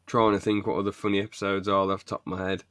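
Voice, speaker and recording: Low-voiced young man, chatty. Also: level tone, rapid-fire, fairly bright tone, no echo. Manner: rambling, laughs while retelling scenes. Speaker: podcast co-host. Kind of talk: casual chat recapping a sitcom.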